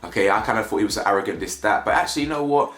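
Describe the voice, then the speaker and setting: A man's voice: on the low side, expressive, rapid-fire, a bit bright. A young man gives a casual, slangy review of a reality show, firing off rhetorical questions. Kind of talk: casual commentary vlog. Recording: echoey room with faint music.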